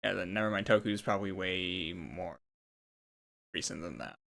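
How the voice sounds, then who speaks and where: A man's voice: sits low, steady tone, moderate pace, vocal fry, a bit bright. A man hosting a casual chat, rambling as he explains trivia. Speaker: host.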